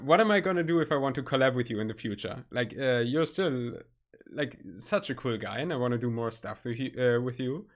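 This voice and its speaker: A man with a German accent, a native German speaker, chatting casually on a stream, halting and searching for his words. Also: medium pitch. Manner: halting, searching for words, nervous self-conscious laughs.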